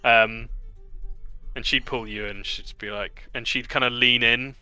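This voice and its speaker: A man narrating a tabletop game as game master, in a relaxed, chatty way with many fillers. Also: mid-range voice, measured pace, clean tone, faint music behind.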